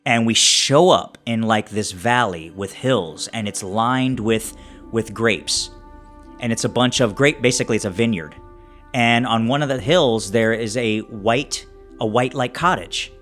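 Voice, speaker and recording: A man playing a tabletop role-playing game, narrating his character's actions in a halting way with many restarts. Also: mid-range voice, a bit bright, faint music behind. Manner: halting, many restarts while describing scenes. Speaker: player.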